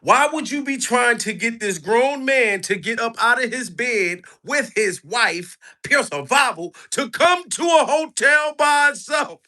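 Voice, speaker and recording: A man doing crude, animated commentary on a live stream, hyping up his chat. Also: very high voice, a little slow, hardly any pauses.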